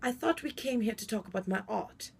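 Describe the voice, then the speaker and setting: A woman's voice: fairly high pitch, expressive, brisk, full character voice. Woman playing a haughty melodramatic socialite. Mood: haughty, indignant. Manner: imperious, theatrical, swings between shouting and breathy whispers. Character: haughty melodramatic socialite woman, self-styled French heritage. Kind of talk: comic character monologue.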